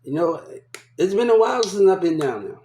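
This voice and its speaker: A man's voice: sits high, very animated, fairly quick, warm tone, slight background noise. Rambling New man, echoey room. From New Orleans. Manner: rambling, profane, repeats himself. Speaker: vlogger. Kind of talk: casual rambling storytelling.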